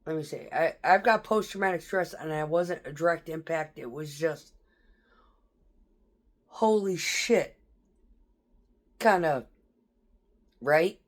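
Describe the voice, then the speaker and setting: A woman's voice: low voice, normal speed. A woman military veteran telling stories from her tours in a blunt, profane, casual way, laughing through tense memories. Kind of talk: casual storytelling.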